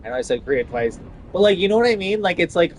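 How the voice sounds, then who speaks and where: A man's voice: high voice, very animated, rapid-fire, a little hiss or hum, low-quality recording. Profane rambling man ranting while gaming. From Italian. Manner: profane, rambling rant full of "like". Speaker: gaming streamer.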